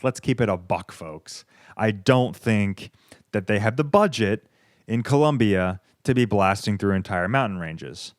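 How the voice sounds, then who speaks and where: A man's voice: mid-range voice, clear, resonant tone, dry recording, clean studio sound. A young man hosting a casual solo podcast, rambling through profane, sarcastic tangents. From United States. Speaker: podcast host.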